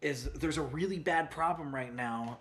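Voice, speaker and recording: Earnest man explaining in a fairly high voice. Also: moderate pace, a bit bright. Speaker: podcast co-host. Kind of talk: casual podcast banter.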